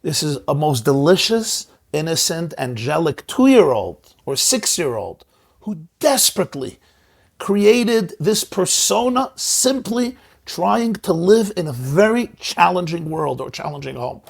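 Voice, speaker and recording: A man's voice: big pitch swings, measured pace, vocal fry, husky. Emphatic man with stammering repeats. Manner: emphatic, repeats words while searching for them; swings between soft low asides and rising stressed words. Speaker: rabbi and host. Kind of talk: conversational discussion.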